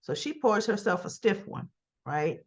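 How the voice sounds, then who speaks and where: A woman's voice: mid-range voice, big pitch swings, measured pace. Chatty woman recapping soaps, lo-fi. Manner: chatty, rhetorical questions, tag "right?"; sassy, talks straight to the characters. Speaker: soap opera reviewer. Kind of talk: casual spoiler recap.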